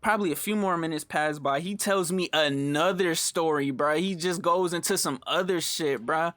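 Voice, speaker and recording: A man's voice: normal speed, a bit bright, no room sound, faint music behind. Slangy young man telling a story. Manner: slangy, profane, rambling with restarts; acts out quoted lines in swings of pitch. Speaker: storytime YouTuber. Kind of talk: casual storytelling over gameplay.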